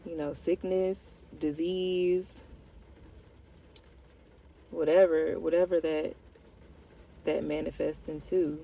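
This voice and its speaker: A young woman talking candidly to her viewers in a vlog, slow, reflective and heartfelt, with casual slang. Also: sits low, level tone, gravelly, mellow, a little hiss or hum. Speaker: vlogger. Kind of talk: candid personal check-in.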